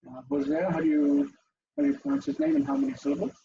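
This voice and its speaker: A man's voice: very high-pitched, quick pace, gravelly, highs cut off. A man leading an online language class over a video call, calling on students by name and thinking aloud as he explains. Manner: animated, asks students in turn, thinks aloud. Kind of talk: interactive online language lesson.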